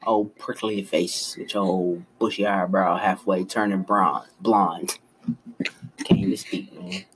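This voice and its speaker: A young man telling jokes in casual slang, loud and animated, teasing his friends. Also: deep voice, unhurried, a little hiss or hum, poor audio. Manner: loud, animated storytelling with slangy trash talk. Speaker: joke teller.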